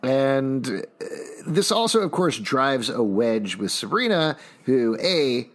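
Guy hosting a podcast, really animated pitch, chatty recap with jokes. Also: slow pace. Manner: lively, leads the recap with jokes. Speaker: podcast host. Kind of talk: casual podcast chat.

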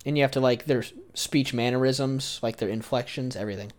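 A young man co-hosting a casual chat, teasing his friend, often trailing off quietly at the ends of phrases. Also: mid-range voice, brisk.

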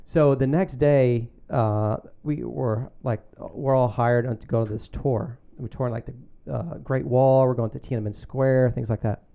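A middle-aged man telling a story in casual chat as a podcast guest, animated and full of fillers and laughter. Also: mid-range voice, normal speed, vocal fry, hardly any pauses, narrow, tinny audio. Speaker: guest, magazine founder.

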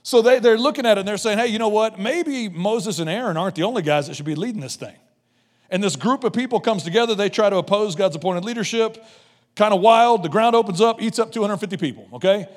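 A middle-aged man preaching an energetic, playful sermon as a guest preacher in a church, joking and slipping into quick voices. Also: high-pitched. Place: church sanctuary. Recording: long hall reverb.

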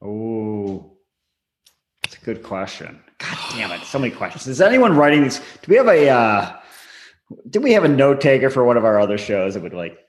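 A man's voice: mid-range voice, sing-song, normal speed. Sarcastic man in a roomy space. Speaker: podcast co-host. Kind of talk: casual chat.

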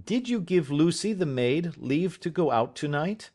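A man voicing a gentle, anxious young woman, asking soft, concerned questions. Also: fairly high pitch, lively intonation, unhurried, voice pushed up.

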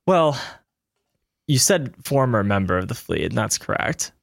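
A man's voice: medium pitch, very animated, unhurried, creaky, no echo, clean studio sound, heavily acted. A man voicing a female mining company administrator who deflects questions with false politeness. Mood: evasive. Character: smooth evasive woman mining administrator.

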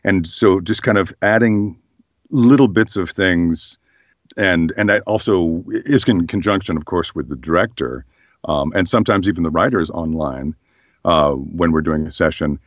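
Casual guest: hoarse, very deep-voiced man, reflective, on a muffled lo-fi track. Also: normal speed, dry recording. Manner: relaxed, thoughtful, many fillers. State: slightly hoarse. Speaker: voice actor guest. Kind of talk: casual interview chat.

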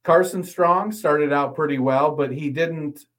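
A man co-hosting a casual football podcast, reading an ad and then giving steady analysis. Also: fairly high pitch, low-quality recording. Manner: reads ad copy briskly, then analyzes steadily. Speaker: podcast co-host.

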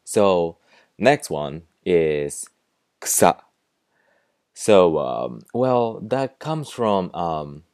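Slow, deep-voiced man with a Japanese accent. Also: dry recording, studio quality. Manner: relaxed, lots of fillers and self-corrections. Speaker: podcast host teaching slang. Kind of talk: casual solo podcast explanation.

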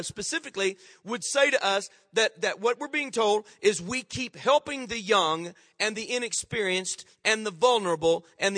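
A man's voice: sits high, bright, forceful tone, dry recording, long reverb tail. A male pastor preaching a sermon, urging and emphatic, repeating his points for force. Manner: emphatic, repetitive exhortation.

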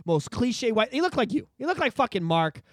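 Fast, animated man, profane. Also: extremely high pitch, no room sound, studio quality. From Canada. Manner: profane, rambling storyteller. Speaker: podcast host. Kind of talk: casual podcast chat.

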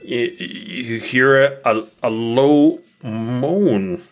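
A woman narrating a tabletop game as game master, describing scenes slowly and laughing often. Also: very deep voice.

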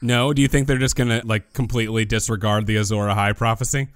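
A man's voice: fairly low pitch, steady tone, fast, no echo. Joking male podcast co-host, dry sound. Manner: joking, acts out characters' lines. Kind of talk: casual podcast chat.

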